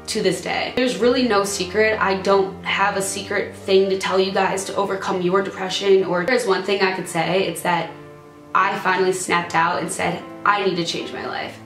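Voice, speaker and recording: A woman's voice: medium pitch, fairly bright tone, echoey room. A young woman vlogging about her own past, earnest and fighting back tears as she reads and talks to her viewers. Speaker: YouTuber. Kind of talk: emotional personal vlog. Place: room at a computer or camera.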